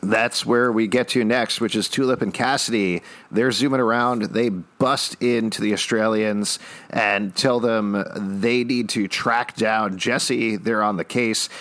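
A man with a fairly low voice hosts a casual podcast. He recaps an episode plot with dry, easygoing asides. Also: steady tone, unhurried, a bit bright. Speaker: podcast host.

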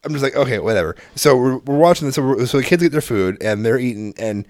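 Co-host, male, 30s-40s, animated profane storyteller, dry mic. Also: medium pitch, quick pace, dry recording. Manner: profane, animated, laughing through anecdotes. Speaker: podcast co-host, father. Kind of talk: casual storytelling chat.

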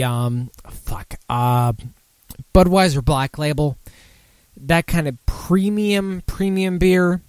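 Drunk man rambling on a slow podcast. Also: on the high side, clean tone, dry recording. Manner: rambling, swearing, losing his thread. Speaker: podcast host. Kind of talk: casual beer talk show.

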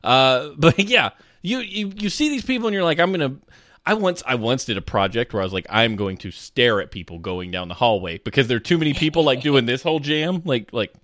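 A man co-hosting a live stream in casual chat, telling animated stories and acting out the people in them. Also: medium pitch, brisk, dry recording, clean studio sound. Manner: animated storyteller, acts out quoted people. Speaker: streamer co-host.

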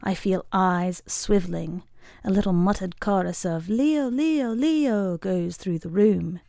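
A woman reading a short story aloud in a wry, measured way. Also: fairly low pitch, flat delivery, gravelly, dark tone, no room sound, studio quality. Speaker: reader.

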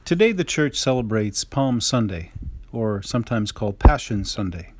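A man who is a Catholic priest, giving a homily after reading a gospel passage aloud, measured and plain, with fillers and restarts. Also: on the low side, sing-song, noisy background.

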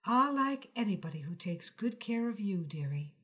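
A woman reading the part of a gentle, affectionate elderly aunt, speaking softly and slowly. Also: on the high side, lively intonation. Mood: tender. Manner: soft, quiet and slow.

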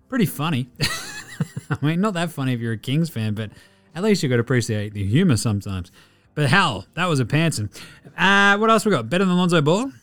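An Australian man hosting a casual sports podcast, excitable and mocking, swearing freely as he rants. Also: fairly high pitch, fast, no echo, soft background music. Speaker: podcast host.

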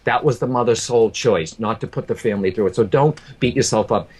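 A man who works as a medium tells an emotional personal story, earnest and repetitive, frequently calling the host by name. His voice is lowish, darkish, and slightly rough, and he speaks quickly.

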